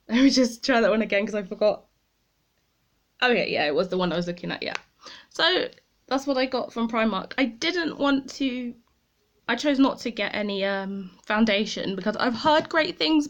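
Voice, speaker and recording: A woman chatting casually to camera as a beauty vlogger, rambling and commenting on herself as she tries products. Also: mid-range voice. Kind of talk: casual makeup review to camera.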